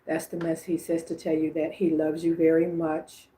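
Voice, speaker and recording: A woman's voice: sits low, monotone, moderate pace, warm tone, a little hiss or hum. A woman from Illinois hosting a livestream as a psychic medium, relaying messages in a chatty, informal way and laughing often between phrases. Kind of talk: casual livestream psychic reading.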